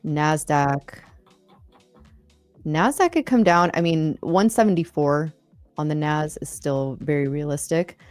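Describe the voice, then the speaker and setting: A woman hosting a live trading stream, analyzing charts quickly and cursing under her breath. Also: sits low, darkish tone, dry recording, faint music behind. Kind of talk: casual live trading commentary.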